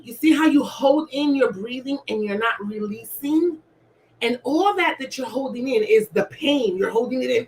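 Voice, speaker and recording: Coaxing woman coach, higher voice. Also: a bit bright, poor audio. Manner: coaxing, keeps asking "right?", acts out gasps. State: asthmatic. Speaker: alignment coach. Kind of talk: motivational wellness talk.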